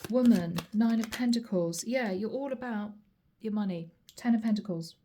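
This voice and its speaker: A woman giving an emphatic tarot reading to her viewers, repeating key phrases and voicing the listener's thoughts in quick asides. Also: mid-range voice, dark tone, slight background noise. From Europe. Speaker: tarot reader.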